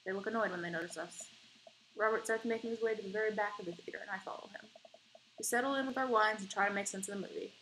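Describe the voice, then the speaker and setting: Woman doing let's play commentary, mid-pitched, blunt and swears freely, faint hiss. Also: rapid-fire, poor audio. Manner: animated, swears freely, indignant outbursts. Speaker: gamer playing a dating game.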